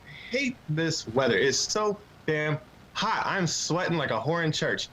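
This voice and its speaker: Brash, lively young man doing stand-up. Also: on the high side, unhurried, a little hiss or hum, rough recording. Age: 20s. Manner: crude, brash, self-mocking punchlines. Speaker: stand-up comedian. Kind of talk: stand-up set on an open mic livestream.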